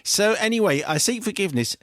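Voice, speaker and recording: A man's voice: high-pitched, lively intonation, fast talker, a bit bright, dry recording, studio quality. British man reading a confession on radio. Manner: amused, theatrical storytelling with laughs. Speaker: radio host. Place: radio studio. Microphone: studio microphone.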